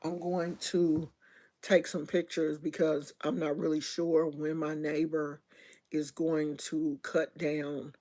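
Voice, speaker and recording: Slow-talking chatty woman livestreaming. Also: sits low, dark tone. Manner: chatty, storytelling, talks to viewers directly; loose slangy speech with many restarts. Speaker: livestream host. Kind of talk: casual livestream chat.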